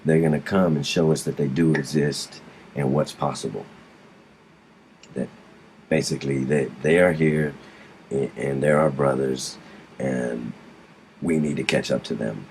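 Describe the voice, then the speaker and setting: A man's voice: a bass voice, fairly even intonation, unhurried, pauses often, darkish tone, a little hiss or hum. A middle-aged man recounting his experiences as an interview guest, rambling with frequent restarts and blunt swearing. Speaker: guest describing alien abduction. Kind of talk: casual storytelling in a recorded interview.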